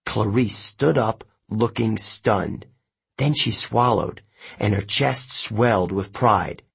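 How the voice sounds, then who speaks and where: A man narrates an audiobook in the first person with a husky, rough-edged voice. He takes his time, reading slowly and steadily in a plain, measured way. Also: on the low side.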